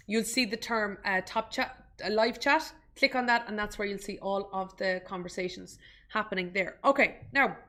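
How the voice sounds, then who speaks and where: A woman's voice: mid-range voice, fairly bright tone. Chatty woman hosting a live stock tutorial. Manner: chatty, restarts phrases, greets viewers by name. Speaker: webinar host and investment educator.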